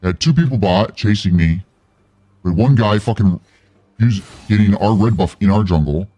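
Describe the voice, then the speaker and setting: A man's voice: on the low side, normal speed, dark tone, no room sound, lo-fi sound. A man streaming a video game, giving live commentary and ranting angrily and profanely at his teammates.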